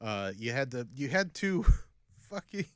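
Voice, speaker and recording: Animated comedian host, dry close mic. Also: male voice, medium pitch, a little slow, clear, resonant tone, no room sound. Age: 40s. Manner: animated storytelling, mocking voices. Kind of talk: casual podcast banter.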